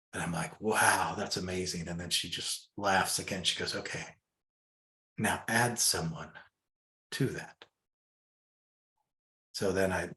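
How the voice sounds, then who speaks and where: A guest with a very low voice shares a personal story in a relaxed, casual manner. He is soft-spoken and reflective, pausing on plenty of fillers, and the recording has a noticeably roomy echo.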